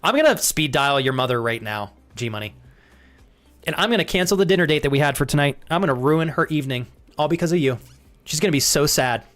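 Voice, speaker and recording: Chatty gaming streamer, man. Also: fast. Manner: chatty, swearing, thanks viewers by name; pitch leaps high when excited. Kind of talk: casual live-stream chat reading.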